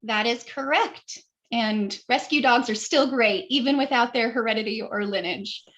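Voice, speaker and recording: High-voiced woman hosting a spelling bee. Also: moderate pace, fairly bright tone. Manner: polite, apologetic, encouraging. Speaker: spelling bee pronouncer and host. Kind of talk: reading words on a video call.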